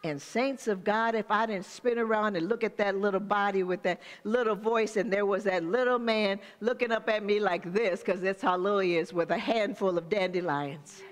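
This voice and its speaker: A woman's voice: mid-range voice, normal speed, hardly any pauses, long reverb tail. An older woman pastor preaching a sermon, speaking straight to the congregation with call-and-response asides.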